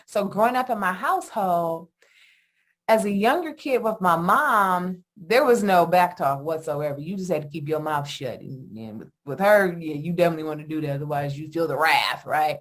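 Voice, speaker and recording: A woman's voice: lowish voice, moderate pace. Emphatic woman podcast host. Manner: animated, emphatic, often asks "guess what" and "right?". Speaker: podcast host, attachment educator. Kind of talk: solo podcast talk.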